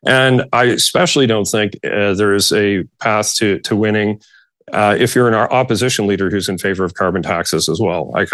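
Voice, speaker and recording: A man talking politics on a casual panel podcast, halting and restarting often, laughing at himself. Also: on the low side, a bit bright, no echo.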